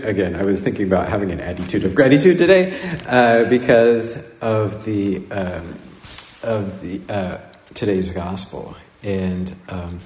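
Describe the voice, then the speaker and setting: Rambling preacher in an echoey church. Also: male voice, on the low side, a little mellow. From Nebraska, USA. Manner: rambling, halting with many restarts and fillers. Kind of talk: conversational homily. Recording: echoey church with long reverb.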